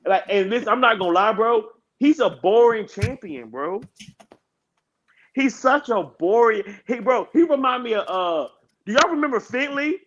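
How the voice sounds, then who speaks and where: A man co-hosting a wrestling podcast, ranting in a casual, profane way that climbs higher when he gets heated. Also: moderate pace, highs cut off, slight background noise. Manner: animated, profane, rants and rises in pitch when heated. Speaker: podcast co-host.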